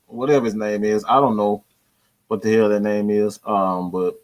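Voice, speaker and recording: A man's voice: fairly low pitch, a little slow, sharp tone. A man hosting a fan channel, ranting about his team with slang, swearing and lots of repetition. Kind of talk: profane sports fan rant.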